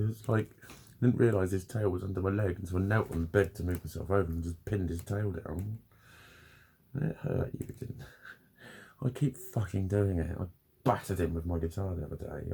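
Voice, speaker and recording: A man's voice: sits low, gravelly, dark tone, breathy edge. A man venting in a rambling, sweary, self-critical vlog. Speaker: vlogger. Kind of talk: casual confessional vlog.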